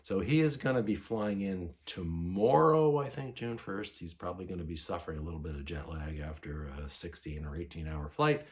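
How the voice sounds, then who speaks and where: Deep-voiced man chatting about record finds. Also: moderate pace, hardly any pauses. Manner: rambling, self-correcting, enthusiastic about finds. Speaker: vinyl record collector vlogger. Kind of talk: casual show-and-tell vlog.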